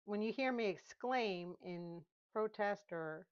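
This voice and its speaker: A woman's voice: mid-range voice, slow, clean tone. Chatty woman on a dull recording. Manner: chatty, laughs often, talks to herself. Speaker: painting vlogger. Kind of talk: casual talk while painting.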